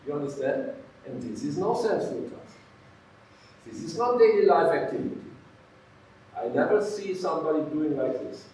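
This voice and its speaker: A man's voice: fairly high pitch, expressive, moderate pace, pauses often, a little mellow, a little hiss or hum. Man lecturing in an echoey hall. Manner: emphatic, checking in often with "okay?" and "yeah?". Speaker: physiotherapy lecturer. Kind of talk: live lecture to a workshop audience. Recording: echoey hall, far from the mic.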